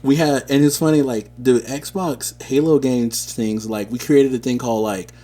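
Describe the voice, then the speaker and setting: A man co-hosting a podcast, telling stories in a casual, animated, slangy way. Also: medium pitch, moderate pace. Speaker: podcast co-host. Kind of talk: casual chat.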